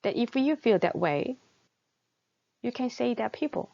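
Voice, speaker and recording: Korean-accented woman lecturing, gravelly voice. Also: a little high, animated, a little slow, pauses often, a little mellow, no echo. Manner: explanatory, with many fillers and rhetorical questions. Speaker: university lecturer. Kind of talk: recorded online lecture. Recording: dull lo-fi recording.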